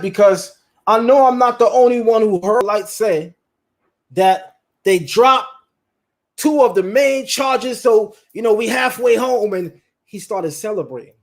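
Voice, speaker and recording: High-voiced man hosting a casual livestream. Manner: animated, talks straight to chat and viewers, repeats lines for emphasis. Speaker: livestream host.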